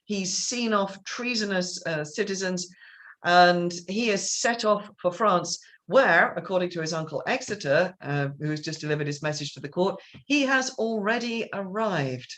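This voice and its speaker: A woman's voice: lowish voice, lively intonation, moderate pace, a bit bright. A woman directing a theatre company, chatting casually over a video call and often restarting her sentences. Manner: rambling, chatty, with many restarts and laughs. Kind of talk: casual chat.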